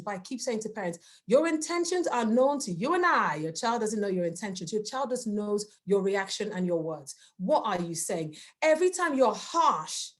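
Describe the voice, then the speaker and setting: Woman, from the UK, parenting workshop talk, lively up-and-down delivery, fairly high voice, earnest. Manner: earnest, emphatic, rhetorical questions; acts out quoted voices of children and parents. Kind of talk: presentation talk with slides.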